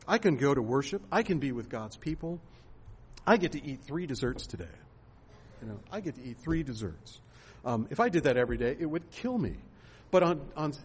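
A man's voice: on the high side, slightly rough. A man pastor giving a sermon in a conversational way, asking rhetorical questions and using fillers.

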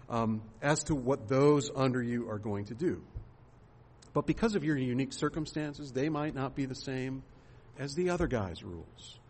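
A man's voice: medium pitch, darkish tone, breathy edge. A man pastor giving a sermon in a conversational way, asking rhetorical questions and using fillers.

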